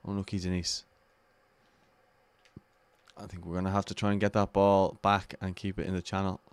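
A man's voice: low voice, level tone, moderate pace, smooth, dry recording. An Irish man commentating his own football video game match live, anxiously urging his players on.

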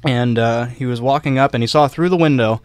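A young man tells a history story on a casual podcast, full of fillers and easy laughs. His voice is smooth and resonant, recorded close with a dry sound. He speaks at a middling pitch. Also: a little fast, no echo. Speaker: podcast co-host.

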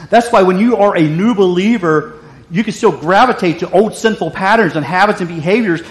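A man's voice: high voice, fairly quick, roomy sound. A man preaching a sermon as pastor, emphatic and repetitive with frequent restarts.

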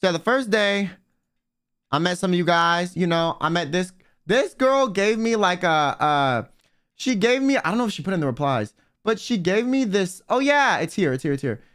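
A young man with a somewhat high voice tells stories on his livestream. His pitch leaps around as he talks, and he swears freely and fills his speech with filler words. It is loose, casual storytime chat. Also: expressive, moderate pace, a bit bright, clear, resonant tone. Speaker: vtuber livestreamer.

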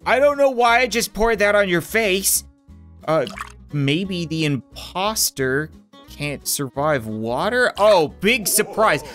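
Animated man joking crudely over gameplay. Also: high-pitched, slow pace, faint music behind. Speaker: gaming YouTuber. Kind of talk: comedic gameplay commentary.

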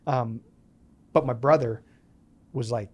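A man's voice: mid-range voice, slow pace. Man telling stories in a podcast interview. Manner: animated storyteller acting out quoted dialogue. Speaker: podcast guest. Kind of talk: storytelling interview.

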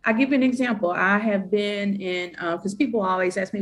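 A woman's voice: medium pitch, a little fast, soft background music. A woman with a Southern US accent, a college professor speaking on a panel discussion, emphatic and often checking in with "right?". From Southern United States.

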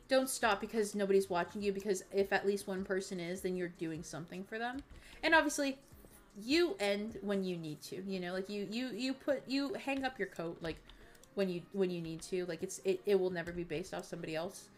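A woman's voice: medium pitch, fairly bright tone. A woman streaming a game, talking in a rambling, earnest way with many fillers and restarts. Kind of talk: casual stream chat.

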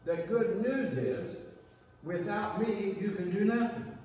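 Guy preaching a sermon, pretty high voice, big echo off the church walls, sounds far from the mic. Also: takes it slowly, darkish tone, slight background noise. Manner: repetitive preaching cadence, addresses listeners as "honey". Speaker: guest preacher. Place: church sanctuary. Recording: echoey church hall from far off.

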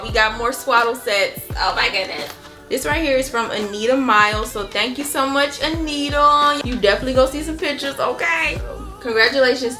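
A young woman gushing excitedly as she opens baby shower gifts in a casual vlog. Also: sits high. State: pregnant. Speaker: family vlogger opening baby shower gifts.

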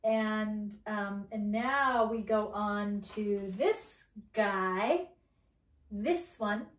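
A woman's voice: mid-range voice, drawn-out words. A woman teaching English vocabulary in a playful way, acting out each feeling as she goes. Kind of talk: animated vocabulary lesson. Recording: echoey room, mic at a distance.

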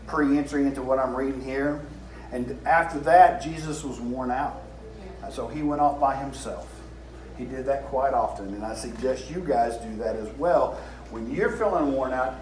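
A man in his fifties with a Southern US drawl, preaching an informal sermon and reading scripture. He talks in a folksy way, repeats phrases and asks the room questions. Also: a little high. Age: 50s. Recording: echoey room with faint hiss.

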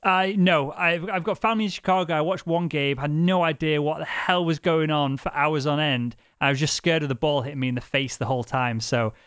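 A man's voice: on the high side, steady tone, fairly quick, few pauses, fairly bright tone, clean tone, dry recording. A man hosting a podcast interview, asking eager, probing questions. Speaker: podcast host.

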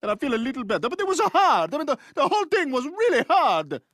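A man's voice: very high voice, wildly swooping pitch, fast talker, a bit bright, no echo, clean studio sound, full character voice. A man playing a petty plumber hero who whines and argues. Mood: indignant. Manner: whiny, indignant.

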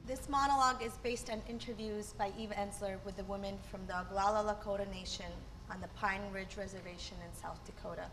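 A woman presenting the introduction to a theater piece in a measured, informative way. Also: medium pitch, fairly even intonation, background noise. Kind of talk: read stage introduction.

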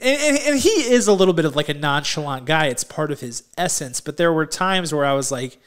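A man's voice: a little high, a bit bright, clear, resonant tone. A man co-hosting a movie podcast, giving easygoing opinions on films. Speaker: podcast co-host. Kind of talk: casual movie review chat.

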